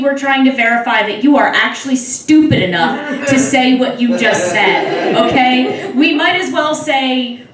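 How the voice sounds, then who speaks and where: A woman's voice: fairly high pitch, animated, measured pace, hardly any pauses, fairly bright tone, distant mic. Wry young woman doing stand-up in an echoey room. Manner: wry, conversational, crowd-teasing. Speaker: stand-up comedian. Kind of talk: stand-up comedy set. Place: club stage with live audience. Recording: echoey room, mic heard from afar.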